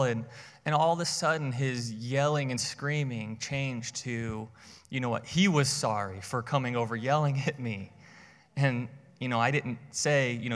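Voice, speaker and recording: A man's voice: mid-range voice, moderate pace. Conversational man preaching in an echoey hall. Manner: conversational, repeats words at starts of phrases. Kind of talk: sermon with personal story.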